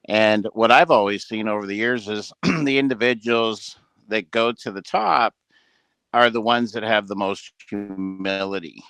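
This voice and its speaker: A man's voice: lowish voice, a little slow, a bit bright, smooth, dry recording. A man speaking on a group video call, giving a rambling, earnest motivational talk to his team with frequent fillers. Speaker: business leader addressing a team call. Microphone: headset with ear monitor.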